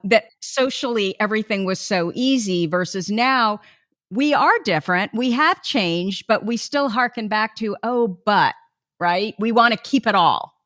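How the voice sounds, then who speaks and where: A woman from the United States hosting a podcast, talking conversationally with quick asides and tag questions. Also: medium pitch, animated, a bit bright, no echo, clean studio sound. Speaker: podcast host. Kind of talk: casual podcast interview.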